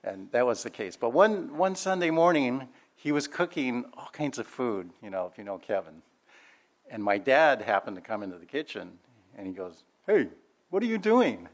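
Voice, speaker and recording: A man's voice: mid-range voice, lively intonation, normal speed. An older man sharing memories of a family member in a chatty, laughing storytelling way, with many fillers. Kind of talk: anecdotal reminiscing speech.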